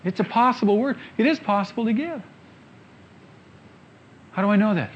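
High-voiced male preacher, emphatic sermon. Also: animated, normal speed, lo-fi sound, slight background noise. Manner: emphatic, swinging from quiet to loud. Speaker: pastor.

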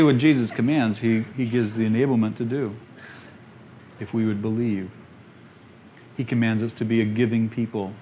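A man preaching a sermon emphatically, dropping quiet and then rising loud. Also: mid-range voice, lively intonation, normal speed, dull audio, a little hiss or hum. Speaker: pastor.

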